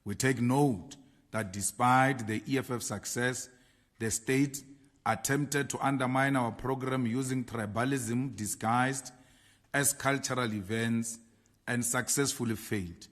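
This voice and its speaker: A man's voice: medium pitch, fairly even intonation, fairly bright tone. South African man reading a political statement. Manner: slow, emphatic delivery of lists. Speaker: party leader.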